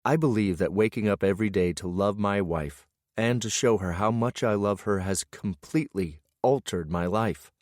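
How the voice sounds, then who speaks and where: Deep-voiced male audiobook narrator. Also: normal speed, hardly any pauses, a little mellow, no room sound, clean studio sound. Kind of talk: first-person romance audiobook narration.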